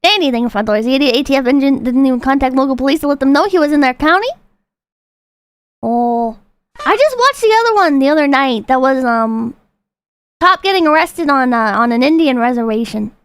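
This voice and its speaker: High-pitched, animated woman streamer. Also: a little fast, no echo. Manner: profane, excitable outbursts between calm donation readings. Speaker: livestreamer reacting to videos. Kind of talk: casual livestream commentary.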